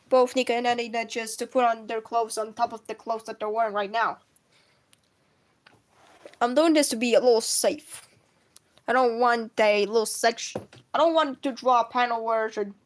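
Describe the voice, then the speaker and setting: A woman from Russia, a comic artist, chats casually on a live stream while she draws. Her voice is on the higher side, and she rambles, corrects herself, and coughs often.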